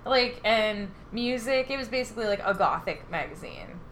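This podcast co-host is a young woman with a medium-pitched, fairly bright voice and lively intonation, speaking at an ordinary speed. She chats casually, filling gaps with fillers, swearing and giggling, over a faint hiss or hum.

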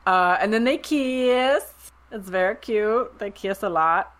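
A woman co-hosting a podcast, recapping a movie in casual chat and acting out the characters' lines in quick voices. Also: mid-range voice. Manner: animated retelling, acts out quotes in quick voices. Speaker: podcast co-host.

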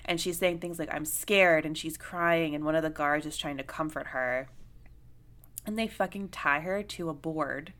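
Bright-voiced, low-pitched young woman chatting. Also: moderate pace. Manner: animated, heavy on "like" fillers, swears freely. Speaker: podcast co-host. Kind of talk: casual film discussion.

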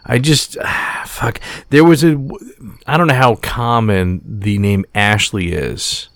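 A man co-hosting a podcast, chatting casually and rambling through a story. He swears freely and restarts often. The voice is lowish and dry, with no room sound. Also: takes it slowly, fairly bright tone, no echo. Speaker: podcast co-host. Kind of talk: casual chat.

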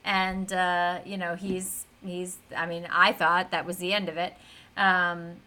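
Bright, chatty woman podcast host. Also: fairly low pitch, unhurried. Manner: animated, chatty retelling with many fillers. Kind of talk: casual recap of a TV episode.

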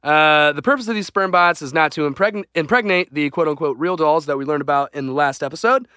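Bright-voiced joking podcast guy. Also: fairly high pitch, fast talker, hardly any pauses, clear, resonant tone. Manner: jokey, reads out a news item loosely. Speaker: podcast co-host. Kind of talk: casual podcast chat.

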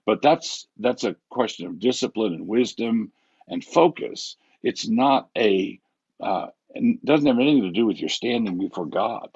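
A man's voice: lowish voice, expressive, normal speed, darkish tone, slightly rough, dry recording, highs cut off. A man, a pastor, talking casually on a podcast with many restarts and chuckles at his own examples. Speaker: pastor and guest author.

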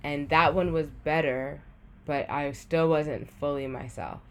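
A woman's voice: low-pitched, steady tone, measured pace, smooth. A young adult woman telling a personal story in a casual, chatty way, with lots of "like" as she talks. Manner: chatty, heavy use of "like", acts out her own past thoughts. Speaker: podcast guest sharing a personal story.

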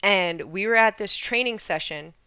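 A woman, an Air Force veteran, telling a story in a casual, animated chat full of slang and laughter. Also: medium pitch, normal speed, clear, resonant tone, no room sound, lo-fi sound.

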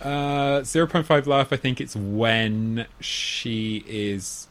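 This podcast co-host speaks slowly in a level tone while chatting casually about a comedy film. He's amused and laughs often, acting out quoted lines in loud, squeaky voices.

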